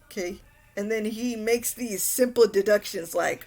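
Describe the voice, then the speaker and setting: A woman's voice: a little high, moderate pace, darkish tone. A young woman recaps an anime in a casual, rambling way. She restarts sentences often and sounds mildly exasperated at the plot. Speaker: anime reviewer.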